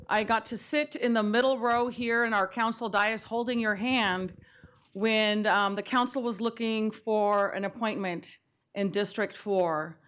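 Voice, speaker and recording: A woman's voice: medium pitch, fairly bright tone, smooth. A middle-aged woman mayor giving a heartfelt farewell tribute in a city council chamber, speaking close to tears into a dais microphone.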